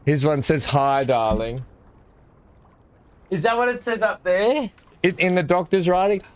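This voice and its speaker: Unboxing gifts at a normal speed, a gaming video creator talks casually in a high voice with lively intonation. He keeps muttering asides, chats to his dog, and clears his throat a lot.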